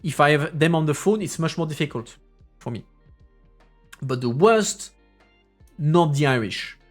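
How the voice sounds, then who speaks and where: A man's voice: fairly high pitch, animated, unhurried, soft background music. Rambling French-accented man, casual stream. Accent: French, with mixed English accents. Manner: rambling, with frequent restarts and filler sounds. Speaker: streamer and parliamentary assistant.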